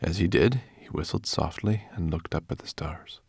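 A man reading a storybook aloud with measured, expressive storytelling. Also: low-pitched, background noise. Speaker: narrator. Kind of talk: audiobook narration.

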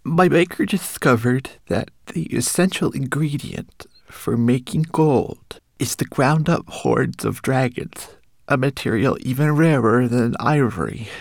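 A tiny, tearful homunculus servant, his voice high and trembling as he pleads. The voice leaps and swoops with a gravelly edge. It is recorded close and dry. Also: no room sound. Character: small, tearful, timid male homunculus servant. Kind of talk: audiobook character voice.

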